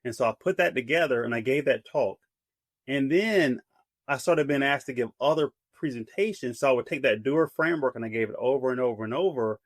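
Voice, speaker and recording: Brisk middle-aged male speaker. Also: mid-range voice, no room sound, studio quality. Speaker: guest speaker and author. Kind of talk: casual interview chat.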